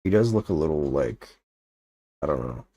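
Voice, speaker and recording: A man's voice: a bass voice, lively intonation, moderate pace, dark tone, husky, no echo. A young man chatting casually on a livestream, rambling and joking with lots of filler words. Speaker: streamer.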